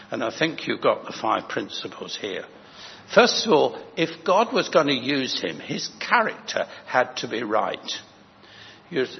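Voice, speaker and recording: Older priest, sermon, gravelly voice, dull lo-fi sound, faint hiss. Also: male voice, mid-range voice. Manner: gentle, rambling, anecdotal, frequent restarts. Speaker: parish priest preaching. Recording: echoey hall, dull lo-fi sound, faint noise.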